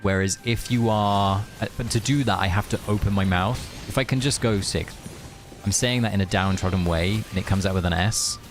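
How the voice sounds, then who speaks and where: A man's voice: low-pitched, steady tone, fairly quick, hardly any pauses, faint music behind. A British man chatting casually on a live game stream, playful and musing aloud as he talks.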